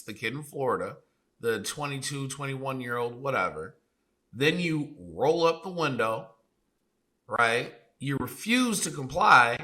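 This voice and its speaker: A man's voice: medium pitch, bright, forceful tone, low-quality recording. Blunt, profane man ranting. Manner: blunt, profane, rhetorical questions. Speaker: podcast co-host. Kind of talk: heated commentary.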